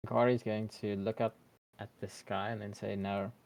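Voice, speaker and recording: Man, gravelly voice, low, soft-spoken, narrating a role-play game over a call. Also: little pitch movement, brisk, low-quality recording. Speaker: player. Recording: remote call audio.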